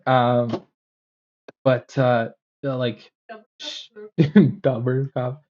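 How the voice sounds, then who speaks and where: A man's voice: mid-range voice, extremely slow, a little mellow, highs cut off. A man co-hosting a podcast, telling a long casual story with plenty of fillers and restarts. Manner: rambling anecdote with fillers and restarts. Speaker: podcast co-host.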